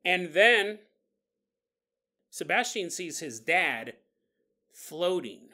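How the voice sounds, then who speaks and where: A man hosting a podcast, his voice sitting a touch high and ringing bright. He tells the story loosely and jokily, laughing at his own asides and slipping into the voices of the people in it. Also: very animated, drawn-out words. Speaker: podcast host. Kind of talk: casual storytelling monologue.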